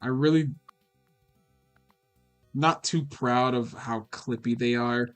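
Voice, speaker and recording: A man's voice: medium pitch, slow pace, clear, resonant tone, faint music behind. A young man answering chat questions on a casual livestream, rambling and swearing with many fillers. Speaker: animator streaming a Q&A.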